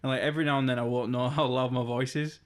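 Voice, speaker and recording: A young man from England co-hosting a podcast, easygoing and quick to laugh as he tells stories. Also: mid-range voice, steady tone. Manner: laughs often, easygoing, trails off. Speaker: podcast co-host. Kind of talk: casual chat.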